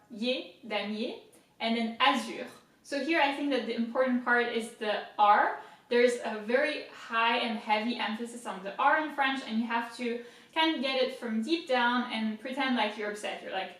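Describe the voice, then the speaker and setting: A woman's voice: on the high side, a bit bright, recorded from a distance. Woman teaching pronunciation in an echoey room. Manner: patient, slow syllable-by-syllable spelling out; light self-mocking humor. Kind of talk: casual video lesson.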